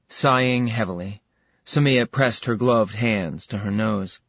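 A man narrating an audiobook in a measured storytelling style. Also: fairly low pitch, gravelly, no room sound. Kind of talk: scripted narration. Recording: dull slightly lo-fi dry recording.

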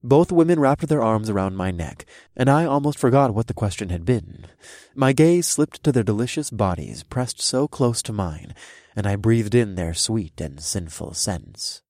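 A man narrates a fantasy tale in the first person. His voice sits on the low side but moves a lot in pitch, giving the reading real lift. The sound is close and dry. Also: expressive, normal speed, a little mellow, no room sound. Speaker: audiobook narrator.

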